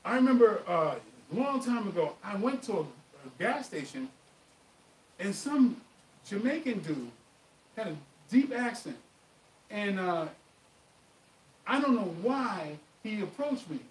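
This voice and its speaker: A man hosting a live martial arts Q&A, telling stories in an animated, emphatic way. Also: high voice, unhurried, long pauses, far from the mic. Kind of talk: live stream chat and storytelling. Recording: echoey room, voice off-mic, faint noise.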